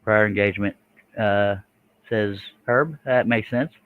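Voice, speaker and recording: A man's voice: fairly low pitch, unhurried, phone-quality sound. A man, chatting casually with viewers while he works a scroll saw on a livestream. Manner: folksy, chatty, reads out viewer comments.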